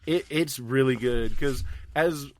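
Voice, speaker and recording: A man's voice: mid-range voice, measured pace, a little mellow. A man co-hosting a casual podcast, telling gaming stories, acting out quotes and laughing often. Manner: laughing storyteller who acts out quotes. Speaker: podcast co-host. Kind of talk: casual chat, storytelling.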